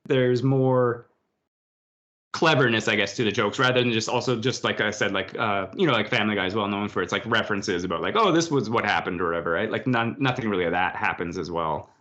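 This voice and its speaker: A man hosting a podcast, chatting casually and retelling scenes with quick put-on voices. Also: on the low side. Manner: rambling, animated retelling with quoted voices. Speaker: podcast host. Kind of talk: casual chat. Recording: dull lo-fi podcast audio.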